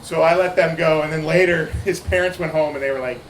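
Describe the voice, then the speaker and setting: High-voiced man doing rambling stand-up. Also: steady tone, fast talker. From Ohio, USA. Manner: loose, rambling delivery with many fillers and restarts. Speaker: stand-up comedian at open mic. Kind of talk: stand-up comedy set. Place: bar with open mic stage. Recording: echoey bar room with crowd noise.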